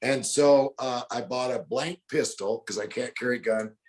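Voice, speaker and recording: A man's voice: medium pitch, moderate pace, a little mellow. An older man in his sixties with a drawl, telling folksy stories as an interview guest. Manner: folksy, acts out other people's lines in the stories he tells. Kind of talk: casual storytelling.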